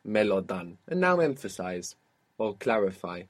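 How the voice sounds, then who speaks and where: A man's voice: lowish voice, sing-song, a little slow. A man teaching a language lesson, patiently prompting a learner and confirming her answers.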